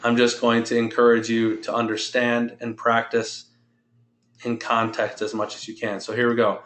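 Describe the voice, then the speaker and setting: Male Spanish teacher, patient, explains step by step, mid-pitched, roomy echo. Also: completely flat delivery, fairly bright tone. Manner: patient, explains slowly and drills pronunciation. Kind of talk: online language lesson.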